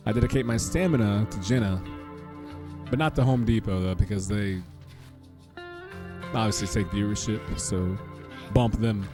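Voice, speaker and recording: A man's voice: on the low side, normal speed, pauses often. A man streaming a game, joking casually and chatting with viewers by name. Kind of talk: casual live-stream commentary. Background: game music.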